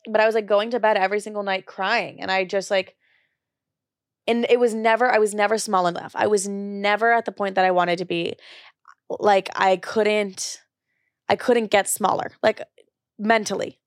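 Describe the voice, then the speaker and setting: A young woman speaks in a relaxed, confessional monologue, her voice catching into a gravelly fry at the ends of phrases. She talks frankly and loosely, full of "like" and the odd curse. The recording is close and dry, with no room sound. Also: mid-range voice, no echo. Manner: casual, frank, filler-heavy talk with frequent "like" and swearing. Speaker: podcast host. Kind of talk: candid personal monologue.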